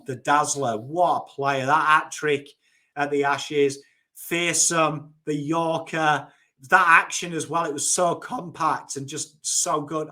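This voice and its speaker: This man's fairly high voice has a bright, forceful tone. He's a cricket YouTuber in his thirties with a Yorkshire accent from Northern England, casually and excitedly discussing cricket in a blunt, slightly sweary way.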